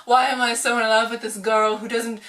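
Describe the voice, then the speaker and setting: A woman briefly voicing a brooding, self-pitying lovesick gentleman in a mock-dramatic lament. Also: a little high, flat delivery, fairly quick, reverberant, distant mic, a little hiss or hum. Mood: mock anguish.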